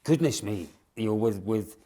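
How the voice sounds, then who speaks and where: A man's voice: on the low side, animated, moderate pace, warm tone. A man on a rally panel, chatting in a reflective, conversational way. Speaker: rally pundit. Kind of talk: casual panel chat.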